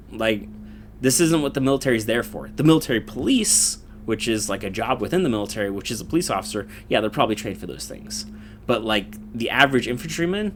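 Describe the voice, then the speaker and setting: Young guy ranting casually, swears a lot, rambly, mid pitch, faint hum behind. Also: fairly bright tone. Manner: profane, rambling, laughs between points. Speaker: commentator. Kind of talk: casual political rant.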